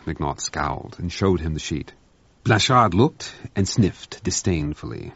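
A man reading a story aloud in a wry, measured narration, on a dull, dry lo-fi recording. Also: sits low, sing-song, slightly rough, no echo. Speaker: audiobook reader. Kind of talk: scripted narration.

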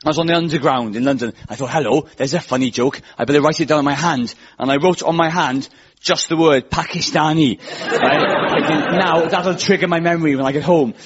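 A man's voice: on the high side, fairly quick, a little hiss or hum. A Welsh man in his twenties hosting a comedy show, delivering a rambling, self-mocking stand-up monologue. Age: 20s. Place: radio studio with live audience. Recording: lo-fi with loud audience laughter.

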